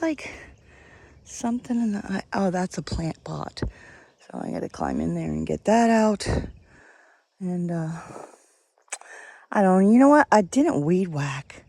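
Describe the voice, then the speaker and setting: Warm, creaky and fairly low, this vlogger's voice comes through with no room sound. Between yard chores outside, she rambles chattily with the camera close to her face, laughing a lot and sometimes breathless.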